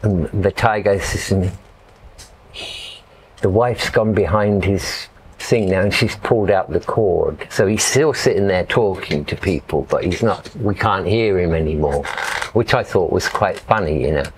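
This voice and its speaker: A man's voice: low-pitched, a little slow, slight background noise. A middle-aged man from England telling stories in a casual, rambling way as an interview guest, dropping "you know" often. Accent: English. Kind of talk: casual storytelling.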